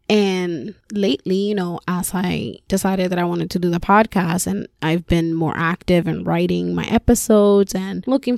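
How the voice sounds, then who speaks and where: A woman's voice: on the low side, gravelly, darkish tone, dry recording, clean studio sound. A middle-aged woman hosting her own podcast, talking candidly and emotionally in a rambling way with lots of fillers. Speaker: podcast host. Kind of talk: personal solo podcast.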